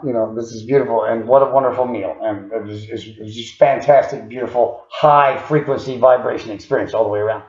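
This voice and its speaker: Guy with a gravelly voice rambling through a story, lots of "you know"s, echoey dull recording. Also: medium pitch, darkish tone. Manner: rambling, heavy with fillers and chuckles. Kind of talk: casual personal storytelling. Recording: echoey, dull lo-fi room sound.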